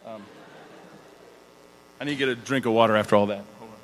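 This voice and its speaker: A middle-aged man preaching a conversational sermon, animated and chatty, often laughing between sentences. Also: lowish voice, fast, a little hiss or hum. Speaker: pastor. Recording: long hall reverb.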